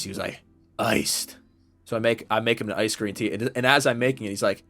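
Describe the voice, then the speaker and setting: A man's voice: on the low side, fast, vocal fry, a bit bright, soft background music. A young man co-hosting a podcast, telling a story in casual chat, full of fillers and swearing. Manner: rambling storyteller, swears freely, many fillers. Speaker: podcast co-host.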